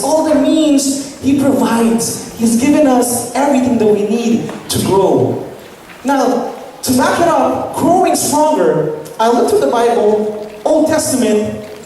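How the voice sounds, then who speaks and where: A young woman from the Philippines gives a lively camp sermon and often asks the audience "right?". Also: on the high side. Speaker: camp speaker. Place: large hall at a church summer camp. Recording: echoey hall, distant mic, faint noise.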